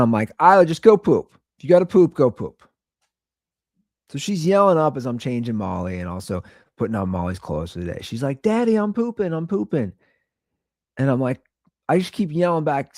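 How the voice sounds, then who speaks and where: A man in his thirties tells a rambling, exasperated story as a show host. His pitch swoops up and down as he talks. The sound is dry and close. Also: gravelly, husky, dry recording. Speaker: podcast host; father of two young girls. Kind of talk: casual storytelling monologue.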